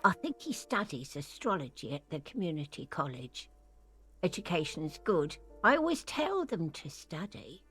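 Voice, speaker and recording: A woman's voice: sing-song, normal speed, a bit bright, faint music behind. A woman voicing a gossipy, grumbling old cleaning lady from a video game, talking in a chatty, scolding way. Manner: chatty, scolding, with sudden high squeals. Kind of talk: voicing game dialogue on a stream.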